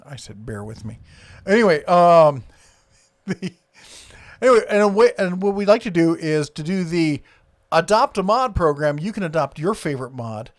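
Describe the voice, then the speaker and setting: A man with a plain Iowa accent talks casually on a live stream, reading out viewer comments and drifting between topics. His voice sits a little high, and his speech is loose and full of fillers. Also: lively intonation, moderate pace. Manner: rambling, reads viewer comments aloud, frequent fillers.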